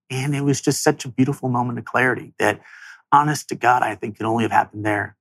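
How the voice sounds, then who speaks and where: A man's voice: mid-range voice, fairly even intonation, fast talker, a bit bright, no room sound. A man in his thirties, an interview guest telling an emotional personal story in an earnest, reflective way, his voice rising as he speaks.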